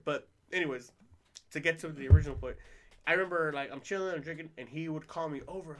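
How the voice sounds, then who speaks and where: A man in his thirties hosting a casual podcast chat, an animated, profane storyteller who laughs often. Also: a little high, fast. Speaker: podcast host.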